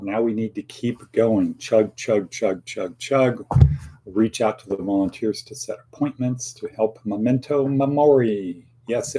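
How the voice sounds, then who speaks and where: A man's voice: lowish voice, warm tone, slight background noise. A man hosting a casual daily motivational monologue, rambling with playful asides and acted-out quotes. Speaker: host of a daily motivational talk.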